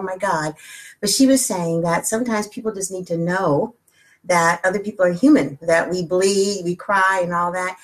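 Woman over 40 doing a live chat for her group, low-ish voice, emotional, laughs a lot, lots of ums. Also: low-quality recording. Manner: heartfelt, chatty, laughs often, drawn-out pauses. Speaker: wellness group host. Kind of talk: casual Facebook Live chat.

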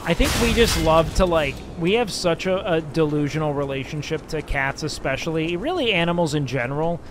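A young man chatting casually on a game stream, rambling and swearing, with sudden excited outbursts. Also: a little high, brisk, music in the background. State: sleepy. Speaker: livestreamer. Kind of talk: casual gaming stream chat.

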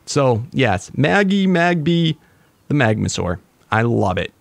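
A young man chatting casually to viewers while playing a video game, excitable and talkative. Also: medium pitch, slow pace, vocal fry, no room sound. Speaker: gaming YouTuber. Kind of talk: casual gameplay commentary.

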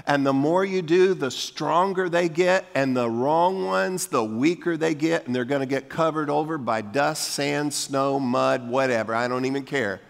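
Gravelly older pastor preaching. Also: male voice, fairly high pitch, normal speed, few pauses. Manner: folksy, preachy, coaxes the congregation to repeat lines. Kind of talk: sermon. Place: church sanctuary. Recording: long hall reverb from a church sanctuary.

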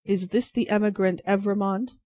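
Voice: medium pitch, steady tone, normal speed, a little mellow, close to an everyday voice. A reader doing a curt hard officer. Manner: stolid, clipped.

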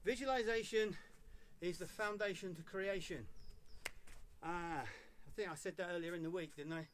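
A man teaching a live online karate class, calling counts and short commands between calm explanations. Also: high-pitched, normal speed, slight background noise. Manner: barks counts loudly, coaching in short commands. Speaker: karate instructor.

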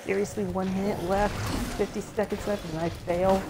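A man's voice: sits high, level tone, moderate pace. A man doing live commentary over a video game, chatty, swearing a lot and breaking into frustrated outbursts. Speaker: let's play gamer. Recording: gameplay audio with loud game noise.

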